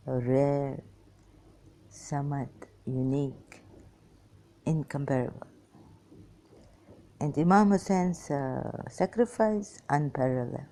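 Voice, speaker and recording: A worn-out woman talks slowly in a rambling personal monologue, her speech breaking into halting fragments. Her voice sits very low and dark, with a gravelly fry. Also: a little hiss or hum. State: very tired and weak. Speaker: vlogger.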